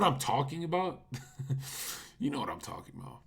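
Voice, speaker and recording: A man's voice: fairly high pitch, very animated, moderate pace, a bit bright, husky. A man live-streaming casual commentary, talking bluntly to his chat with profanity and incredulous rhetorical questions.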